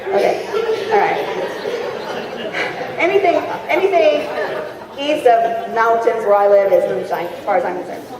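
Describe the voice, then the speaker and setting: A woman giving a lively, chatty seminar talk to a crowd, acting out sample phone calls. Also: mid-range voice, a little slow, long pauses. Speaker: motivational speaker. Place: large convention hall. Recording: echoey hall recorded from far off.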